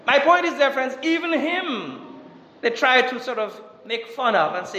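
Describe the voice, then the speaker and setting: A man preaching a Catholic sermon with passion, asking rhetorical questions and swinging between loud urgency and hushed tones. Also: very high voice, a little slow, lo-fi sound, a little hiss or hum. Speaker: Catholic priest. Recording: echoey church with long reverb.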